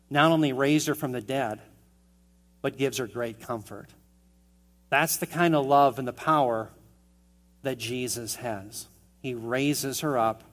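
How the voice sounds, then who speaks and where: A man preaching an expository sermon, earnest and emphatic, asking the listeners questions as he goes. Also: mid-range voice. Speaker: pastor.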